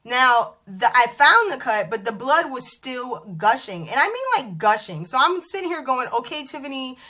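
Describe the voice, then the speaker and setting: This is a woman in her thirties vlogging from her bedroom at home, chatting straight to the viewer. Her voice sits a little high and sounds bright and forward. She tells the story with lively energy and acts out the dialogue as she goes. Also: normal speed. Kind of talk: casual storytelling vlog.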